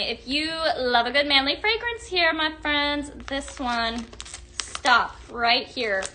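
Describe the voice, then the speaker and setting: A woman hosting a live shopping stream, gushing in an upbeat sales pitch to viewers she calls her friends. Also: bright, forceful tone, a little hiss or hum.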